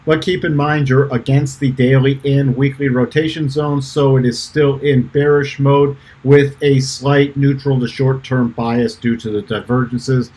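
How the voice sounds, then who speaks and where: A man's voice: medium pitch, flat delivery, a little slow, few pauses, a little mellow, poor audio. A middle-aged man hosting his trading channel, talking through chart analysis in a rambling, self-correcting way with fillers. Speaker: trading channel co-founder and host. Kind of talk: casual chart analysis walkthrough.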